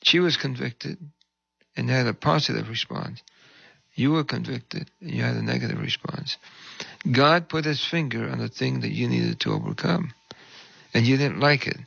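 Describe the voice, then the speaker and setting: Bright, gravelly-voiced pastor telling a story. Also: male voice, medium pitch, moderate pace, no echo, muffled recording. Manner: animated storyteller acting out quoted voices. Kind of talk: storytelling in conversation.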